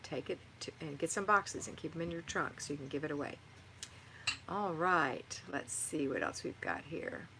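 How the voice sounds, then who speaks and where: Encouraging middle-aged woman, low voice. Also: normal speed, background noise. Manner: encouraging, motherly, reads comments aloud. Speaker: livestream host answering viewer chat. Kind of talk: live-stream chat and home advice.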